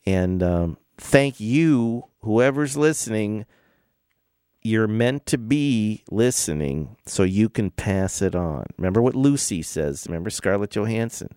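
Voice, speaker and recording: A man's voice: fairly low pitch, animated, measured pace, dark tone, smooth, no echo, clean studio sound. A man, middle-aged, hosting his own podcast and telling rambling music stories in a laid-back, casual way. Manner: rambling, laid-back, with filler words and restarts. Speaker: podcast host. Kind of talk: casual storytelling monologue.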